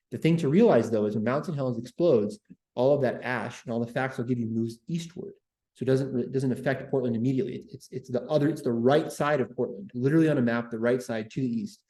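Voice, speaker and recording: A man's voice: medium pitch, fairly quick, mellow, echoey room. A man hosting a history livestream, chatting with viewers and repeating words as he talks. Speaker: host. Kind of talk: livestream history talk, reading chat.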